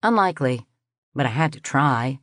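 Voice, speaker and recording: A woman narrating a science fiction audiobook in the first person, reading in a measured, even way. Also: extremely low pitch, no room sound, studio quality.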